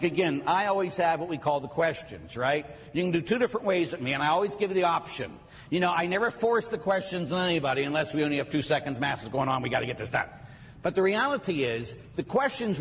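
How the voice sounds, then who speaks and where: Brief: middle-aged male priest, animated joking preacher, higher voice, long hall reverb. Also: slight background noise. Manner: lively, joking storyteller with acted asides. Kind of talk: sermon talk.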